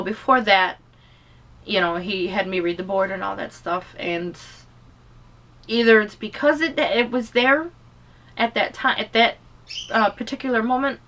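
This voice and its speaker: A woman vlogger talks through a personal story in a loose, rambling way, full of "you know" and restarts. She sounds emotional, like she's holding back tears. Her mid-pitched voice sits away from the microphone, so it sounds a little distant. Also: a bit bright. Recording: voice distant from the mic.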